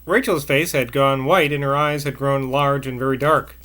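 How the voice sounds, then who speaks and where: Bright-voiced man reading a novel aloud. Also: mid-range voice, fairly even intonation. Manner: measured with small slips and asides. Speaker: narrator.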